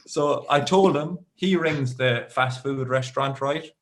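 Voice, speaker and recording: A young Irish man doing stand-up, telling a long story in a rambling, self-deprecating way with deadpan asides. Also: medium pitch, unhurried, noisy background. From Ireland. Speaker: stand-up comedian. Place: live comedy show with audience.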